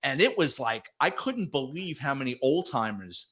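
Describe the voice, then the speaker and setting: Animated, foul-mouthed middle-aged man. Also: mid-range voice, moderate pace. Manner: animated, profane, acts out quoted voices. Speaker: guest, retired police detective. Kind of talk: casual storytelling.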